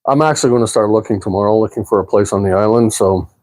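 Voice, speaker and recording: A man, chatting casually on a livestream, rambling and relaxed, with plenty of fillers and the odd swear word. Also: on the low side, quick pace. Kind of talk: casual livestream chat answering viewers. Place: apartment at home.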